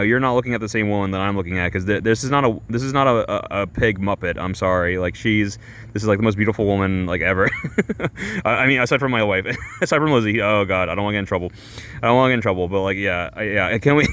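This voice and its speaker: A man streamer telling a rambling comic story, halting and full of fillers and restarts. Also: on the low side, a bit bright. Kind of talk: rambling comedic monologue.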